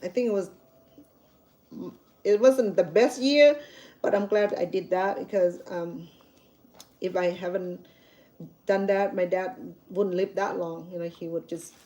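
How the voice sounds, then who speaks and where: Mellow-voiced woman telling a story. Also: lowish voice, measured pace, long pauses, muffled recording. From Cambodia. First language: Khmer. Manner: candid and chatty, with frequent restarts. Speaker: cooking channel host. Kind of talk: personal storytelling vlog.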